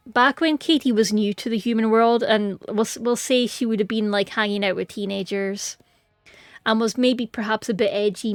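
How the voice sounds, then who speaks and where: A woman's voice: on the high side, no room sound, clean studio sound. A woman chatting casually and rambling playfully on a game stream, giggling often. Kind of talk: casual gaming stream chat.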